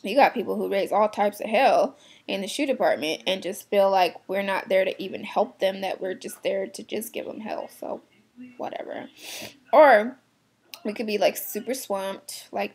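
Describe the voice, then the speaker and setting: A woman's voice: mid-range voice, vocal fry, slightly rough. A young woman who works in a shoe department, venting bluntly and with exasperation, swearing casually. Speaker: shoe department retail worker. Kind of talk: venting to camera.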